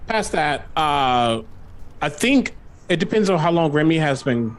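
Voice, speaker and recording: Lively, hesitant man playing a tabletop game. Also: unhurried. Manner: hesitant, with lively swoops of pitch. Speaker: player. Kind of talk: tabletop role-play, speaking in character.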